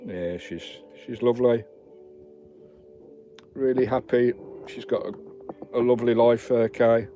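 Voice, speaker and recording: A man's voice: medium pitch, unhurried, long pauses, muffled recording, soft background music. A man hosting a casual live stream from his campervan, rambling between his viewers and his dog. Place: inside a campervan.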